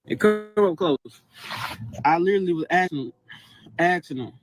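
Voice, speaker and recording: A man's voice: high voice, expressive, gravelly, faint music behind. A twenty-year-old man venting in a casual, rambling and aggrieved way about family. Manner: aggrieved, rambling, fast and repetitive. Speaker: guest telling his story.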